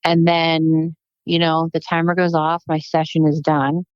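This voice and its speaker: A woman guest on a casual podcast, telling animated stories and acting out what people said. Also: low voice, a little slow, smooth, no echo. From United States. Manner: animated storytelling, acts out quotes. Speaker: guest, plastic surgeon. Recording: dull, muffled podcast recording.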